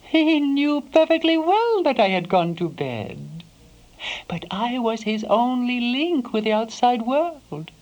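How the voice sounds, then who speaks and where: A woman playing a slow, soft-spoken devoted housekeeper. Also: on the high side, very animated, highs cut off. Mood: wistful. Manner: soft-spoken, slips into hushed whispers. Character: devoted elderly housekeeper recalling her employer. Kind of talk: first-person memoir monologue.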